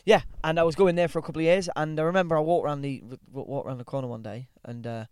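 A man's voice: a little high, steady tone, rapid-fire, darkish tone, clean tone, dry recording, clean studio sound. A young man chatting casually as a podcast guest, rambling with lots of ums, restarts and easy laughs, swearing now and then. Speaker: guest actor. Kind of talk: casual chat.

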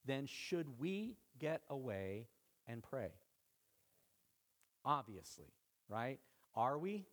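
A man preaching a sermon to his church, building emphasis through repeated phrases and easing into quiet prayer. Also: medium pitch, big pitch swings, slow. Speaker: pastor.

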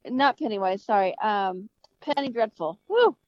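A woman's voice: medium pitch, lively intonation, no echo. A woman chatting casually on a podcast, talking in a hesitant way and correcting herself. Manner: hesitant, halting, self-correcting. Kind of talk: casual chat. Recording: dull lo-fi sound.

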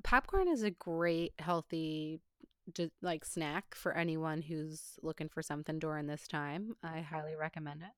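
A woman's voice: low-pitched, moderate pace, a bit bright, clean tone. A young woman hosting a podcast, chatting in an easygoing, agreeable way with light jokes. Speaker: podcast host. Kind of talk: casual chat.

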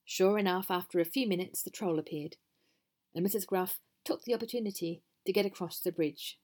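A woman narrates her own storybook with a dry, wry touch. Her voice sits on the low side, and she lets the humour land without pushing it. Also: fairly quick, a little mellow.

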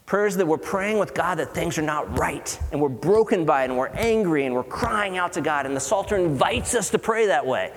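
A man preaching a sermon as pastor, earnest and conversational, with dramatic pauses and acted-out quotes. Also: fairly high pitch, expressive. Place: church hall. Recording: long hall reverb.

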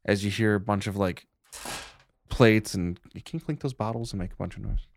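A man narrating a tabletop role-playing game as game master, in a relaxed, joking manner. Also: lowish voice, normal speed, gravelly, slight background noise.

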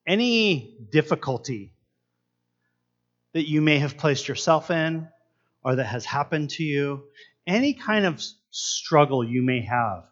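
Lively high-voiced male preacher. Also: dull audio. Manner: earnest, asks the listeners many questions. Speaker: pastor. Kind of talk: sermon.

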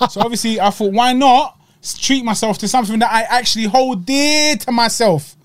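A man's voice: very high-pitched, moderate pace, hardly any pauses. A man, originally from Egypt, hosting a podcast in chatty, slang-heavy casual talk. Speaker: podcast host. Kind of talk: casual chat, food review.

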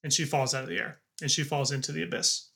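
A man narrating as game master of a tabletop game, halting with frequent ums and uhs. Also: mid-range voice, fairly even intonation, vocal fry, bright, forceful tone.

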